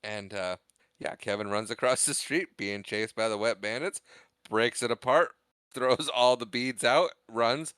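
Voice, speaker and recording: A young man chatting casually about a movie on a podcast, his voice bright and crisp. He acts out quotes from the characters and laughs his way through the retelling. The sound is dry and close. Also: mid-range voice, unhurried, no echo. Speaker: podcast co-host. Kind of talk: casual movie recap chat.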